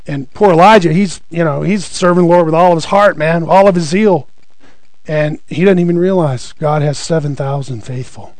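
A man's voice: on the high side, moderate pace, no room sound, rough recording. A man preaching a sermon in a conversational teaching way, often restarting and repeating words and checking in with his listeners. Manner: conversational, stumbles and repeats words, asks "right?". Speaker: pastor.

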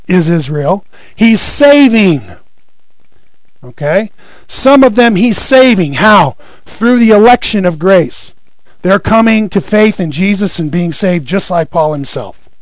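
A man with a high voice preaches a teaching sermon, chatty and loose, stumbling and repeating himself as he goes. The sound is dry and close, with no room around it. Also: no echo, rough recording. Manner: conversational, stumbles and repeats words, asks "right?". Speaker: pastor.

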